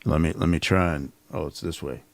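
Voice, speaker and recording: A man's voice: very deep voice, fairly even intonation, fairly quick, gravelly, a little hiss or hum. A middle-aged man hosting a casual livestream, rambling and sarcastic as he mocks someone from his home office. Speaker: channel host.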